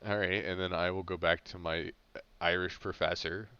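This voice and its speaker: A young man co-hosting a podcast, talking in a rambling, halting way with lots of restarts. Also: low voice, flat delivery, pushed and bright, clear, resonant tone, muffled recording. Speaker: podcast co-host. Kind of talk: casual chat.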